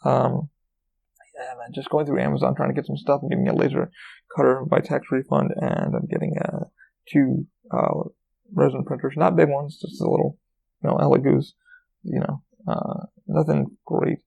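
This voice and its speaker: A man's voice: medium pitch, level tone, normal speed, creaky, warm tone, husky. A man hosting a casual solo podcast, rambling and swearing freely with many fillers and restarts, recorded with a dull lo-fi sound. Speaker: podcast host.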